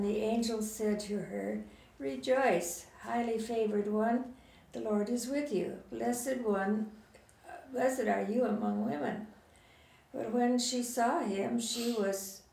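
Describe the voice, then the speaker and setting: A woman in a Bible study group reading scripture aloud slowly and carefully, with small slips. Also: fairly high pitch, gravelly, darkish tone. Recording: echoey room, distant mic.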